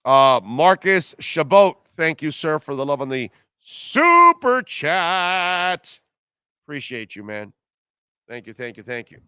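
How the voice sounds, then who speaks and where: A man's voice: on the high side, big pitch swings, slow, pushed and bright, clear, resonant tone, no echo, clean studio sound. A man hosting a live sports radio show, ranting sarcastically and reading listener comments. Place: car dealership live broadcast.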